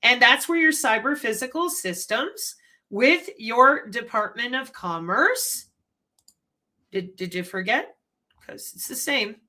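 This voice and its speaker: A woman hosts her own channel and lectures in an animated, conspiratorial way, throwing in rhetorical questions. Her voice is bright and sits a little high. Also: takes it slowly. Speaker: channel host. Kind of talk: commentary.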